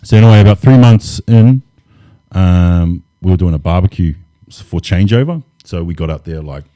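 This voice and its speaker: A man, relaxed and laid-back, telling stories as an interview guest with lots of casual fillers. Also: sits low, moderate pace, no room sound, studio quality. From New Zealand. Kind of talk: casual storytelling.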